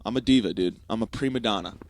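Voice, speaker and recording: A man's voice: fairly low pitch, quick pace. Profane rambling young American man. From United States. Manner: rambling, profane, self-mocking. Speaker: podcast host. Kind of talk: casual comedic monologue.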